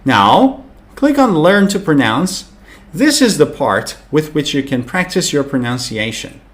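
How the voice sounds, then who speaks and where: A man teaching English pronunciation in an online lesson, explaining clearly and sounding out words slowly to demonstrate. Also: a little high, very animated.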